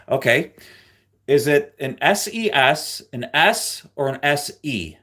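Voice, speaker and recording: With a higher-pitched, slow voice, a man runs a live stream, chatting casually while joking with and teasing his viewers. He's animated and often breaks into loud, playful bursts.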